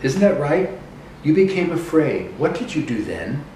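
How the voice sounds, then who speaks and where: A man voicing a kind female fairy godmother with silver wings, who asks questions in a gently insistent way. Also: on the high side, sing-song, a little slow, slight background noise, pitched above the performer's own voice. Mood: probing. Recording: echoey room from a distance.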